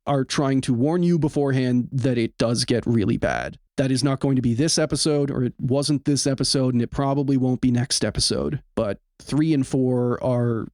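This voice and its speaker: A man's voice: medium pitch, normal speed, hardly any pauses, darkish tone, no echo, clean studio sound. A man hosting a podcast in casual chat, blunt and rambling, swearing freely. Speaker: podcast host.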